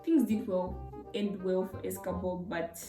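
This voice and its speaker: A young woman from Zambia with a Zambian English accent, telling a story in an animated, exclamatory way for her vlog. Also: fairly low pitch, a little slow. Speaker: YouTuber. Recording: roomy, distant mic, faint music.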